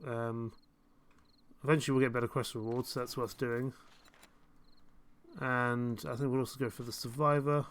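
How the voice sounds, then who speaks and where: A man's voice: mid-range voice, flat delivery, moderate pace, long pauses, a bit bright, clear, resonant tone. A young man chatting through a live gameplay stream, rambling and self-mocking, chuckling often. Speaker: game streamer. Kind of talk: casual live gameplay commentary.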